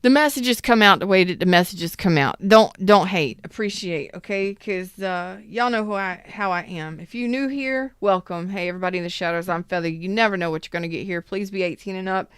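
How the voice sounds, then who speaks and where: A woman's voice: fairly low pitch, a little fast, few pauses, fairly bright tone, smooth, no echo, clean studio sound. A woman hosting a live tarot reading, casual and emphatic, repeating phrases and chatting with viewers. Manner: talks to viewers in the chat.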